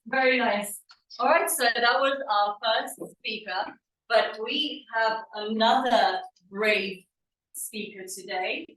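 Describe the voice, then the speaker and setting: Bright-voiced woman host in an echoey room. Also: a little high. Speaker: meeting host. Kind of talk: hosting a club meeting. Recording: echoey room, far from the mic.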